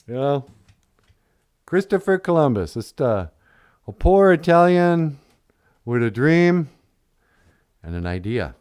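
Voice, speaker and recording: Unhurried, lively man spinning a jokey tale. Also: fairly high pitch, clean tone. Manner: rambling, jokey asides. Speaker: storyteller on a puppet podcast. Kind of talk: comedic storytelling.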